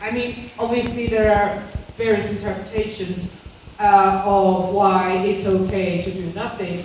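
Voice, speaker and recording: A woman from Northern Ireland giving a public speech as an activist, measured and earnest, hedging often as she talks. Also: mid-range voice, level tone, darkish tone, slight background noise. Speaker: activist speaker. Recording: echoey hall from far off.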